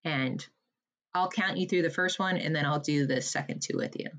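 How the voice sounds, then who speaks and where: Woman on a podcast, kinda low voice, punchy coachy talk about breathing. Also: moderate pace. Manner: lively, emphatic, coaching tone. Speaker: breathwork guest. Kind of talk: podcast conversation, guided breathing.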